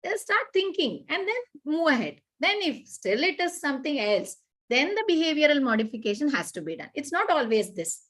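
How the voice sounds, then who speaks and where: High-voiced woman explaining parenting advice. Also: brisk, few pauses. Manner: earnest, repetitive, animated explaining with acted-out examples. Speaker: parenting expert guest. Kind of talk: conversational advice talk.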